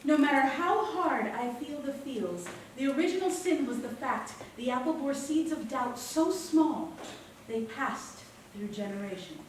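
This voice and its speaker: A woman's voice: sits high, animated. Woman reciting a confessional stage monologue. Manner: reflective, confessional, measured. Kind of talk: spoken-word monologue on stage. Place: theater stage. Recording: echoey theater from far off, faint hum.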